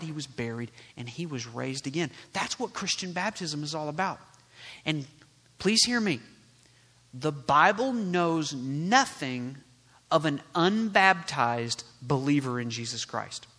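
Pastor, male, fairly high bright voice, emphatic sermon delivery, long church-hall reverb. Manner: emphatic, rhetorical questions, shifts from loud to quiet. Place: church sanctuary.

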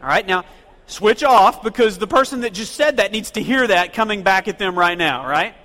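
A man's voice: high-pitched, animated, normal speed, sharp tone. A man preaching a sermon, asking his congregation questions and telling them what to do. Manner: rhetorical, quizzes and directs the congregation. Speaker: pastor. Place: church sanctuary. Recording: long reverb of a church hall.

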